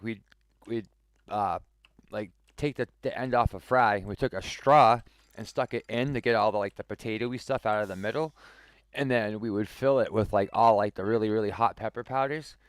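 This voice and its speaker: A man's voice: lowish voice, no room sound. Rambling male streamer telling a story. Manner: rambling, full of "like" fillers and restarts; chuckles while telling the story. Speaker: game streamer. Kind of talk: casual storytelling.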